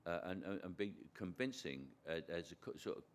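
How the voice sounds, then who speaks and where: Expressive and fairly quick, with a low voice, this older man from Britain is a guest actor in a conversation held on stage in front of an audience. He rambles through his stories, chuckling and frequently starting over.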